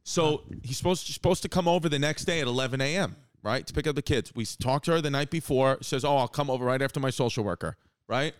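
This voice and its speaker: A man hosting a casual chat, telling stories in an animated way and acting out what people said. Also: medium pitch, quick pace, clean tone, no echo. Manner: animated, acts out quotes.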